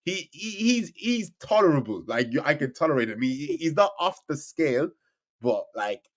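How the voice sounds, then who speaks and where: A man chatting casually about football as a podcast co-host, animated and full of stammered restarts. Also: fairly high pitch, normal speed. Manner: animated, stammering restarts, swings loud and soft.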